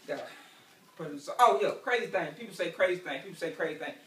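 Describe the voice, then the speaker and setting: High-voiced comedian, echoey and distant. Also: male voice, lively intonation, quick pace, a bit bright, slight background noise. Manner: loose, repetitive storytelling with asides to the crowd. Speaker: stand-up comedian. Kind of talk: stand-up comedy routine. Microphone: camera from a distance. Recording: echoey room picked up from afar.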